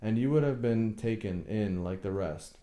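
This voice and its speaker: A man's voice: on the low side, normal speed, mellow, roomy sound, lightly acted. A man voicing a tormented older husband who talks in a brooding, bitter way in an audiobook reading. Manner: brooding, bursts into bitter anger.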